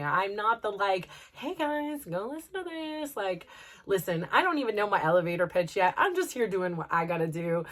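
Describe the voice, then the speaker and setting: A woman's voice: medium pitch, fairly bright tone. Middle-aged woman, podcast host, earnest, rambling, lots of fillers, emotional, personal monologue. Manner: earnest, rambling, full of "like" and "you know".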